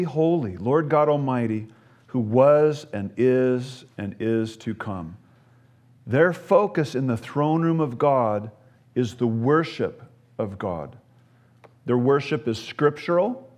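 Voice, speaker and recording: A man's voice: mid-range voice, a little mellow. A man preaching a sermon, earnest, often repeating words as he starts a phrase, with touches of humor.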